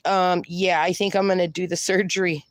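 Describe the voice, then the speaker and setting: A woman's voice: fairly low pitch, flat delivery, moderate pace, dry recording, clean studio sound. A woman, hosting a casual live stream and reading viewers' comments aloud in a chatty, affectionate way. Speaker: livestream host.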